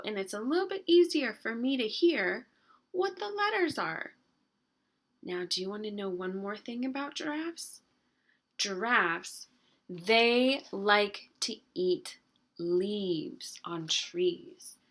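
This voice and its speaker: Slow, coaxing woman teaching spelling. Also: high voice. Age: adult. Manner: slow, stretched-out sounding of words, gentle coaxing questions. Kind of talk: early-grade writing lesson, modeling spelling.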